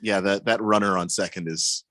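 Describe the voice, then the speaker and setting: A man's voice: low-pitched, fairly even intonation, normal speed, fairly bright tone, no room sound. A man co-hosting a sports radio show, chatting casually and laughing as he tells a story.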